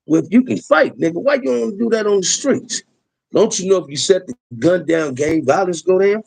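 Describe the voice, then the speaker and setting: A man's voice: high-pitched, lively intonation, moderate pace, creaky, a little mellow, husky, no room sound, poor audio. A middle-aged man, talking emphatically in a preachy street style as host of a livestream. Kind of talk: impassioned livestream talk.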